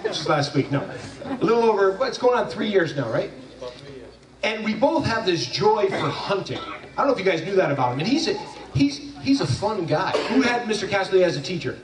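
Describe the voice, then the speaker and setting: A man's voice: high voice, sing-song, brisk, crowd noise. A man giving a graduation speech, telling a funny story in a loose, jokey way with frequent restarts. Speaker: graduation speaker. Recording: echoey hall from far off.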